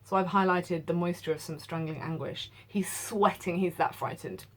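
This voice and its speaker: A woman teaching literature, reading a novel aloud and explaining it casually, asking listeners to highlight key passages. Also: fairly even intonation, normal speed.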